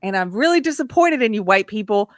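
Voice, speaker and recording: A woman's voice: mid-range voice, a little fast, dry recording. Laughing woman host, dry close sound. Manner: laughing often, ranting, animated. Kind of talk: casual live-stream chat.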